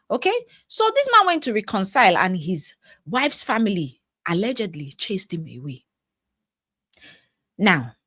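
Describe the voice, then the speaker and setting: A woman, a life coach giving reaction commentary on a viral video, animated, laughing often and acting out the people she quotes. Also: a little high, no echo, studio quality.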